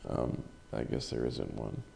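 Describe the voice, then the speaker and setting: A man's voice: a bass voice, fairly even intonation, a little slow, gravelly, dark tone. A man hosting a solo podcast in casual chat, rambling, swearing freely and joking at his own expense. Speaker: podcast host.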